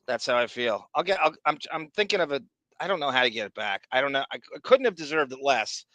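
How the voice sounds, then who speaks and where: Man, podcast host, bright tense voice, dry close sound, ranting and laughing. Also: medium pitch, fast talker, dry recording. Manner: animated, ranting, laughs often. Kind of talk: casual chat reading live chat.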